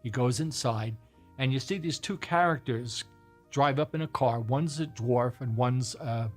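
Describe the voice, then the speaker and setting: A man's voice: mid-range voice, unhurried, soft background music. A man hosting a casual chat, retelling old TV shows in a rambling, hesitant way with many fillers. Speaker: host.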